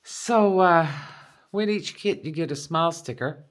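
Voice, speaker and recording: A woman's voice: on the low side, unhurried. A middle-aged woman vlogging a craft kit unboxing, explaining each item in a chatty, step-by-step way. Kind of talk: casual unboxing chat.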